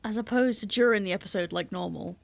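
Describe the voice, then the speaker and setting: A woman co-hosting a comedy podcast, teasing her co-host with deadpan put-downs. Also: medium pitch, quick pace, gravelly. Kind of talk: jokey podcast banter.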